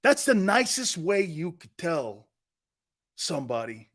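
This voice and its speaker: A man hosting a live sports talk show, loud, joking and blunt, laughing often. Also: fairly high pitch, big pitch swings, unhurried. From lives in Florida.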